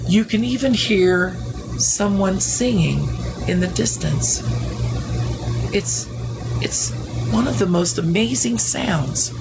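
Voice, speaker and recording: A woman's voice: mid-range voice, gravelly, noisy background. A woman telling a story in a casual, wondering way, often restarting her sentences. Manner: slow, wondering, full of restarts.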